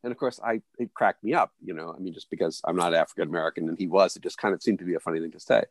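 Deep-voiced man telling stories haltingly. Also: dry recording. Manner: halting, many restarts and fillers, voices others in stories. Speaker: interview guest. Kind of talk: reflective storytelling. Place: near a big US city.

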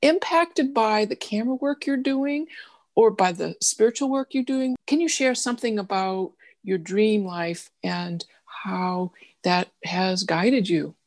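A woman interviewer asking gentle, searching questions in a conversational way. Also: medium pitch, measured pace.

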